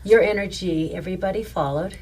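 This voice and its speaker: Woman podcast host, low-ish voice, warmly affirming, faint hiss. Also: a little fast, low-quality recording. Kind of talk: supportive interview chat.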